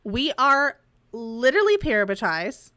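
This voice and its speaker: Bright, animated woman podcast host. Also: a little high, unhurried, no room sound, clean studio sound. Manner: animated, profane, giggly recapping. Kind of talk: casual book-discussion chat.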